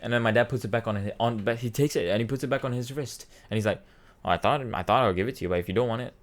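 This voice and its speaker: A man's voice: medium pitch, racing. A man in his twenties, a vlogger, telling a personal story in a rambling, emotional way with many restarts, choked up and near tears. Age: 20s. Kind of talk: casual storytelling.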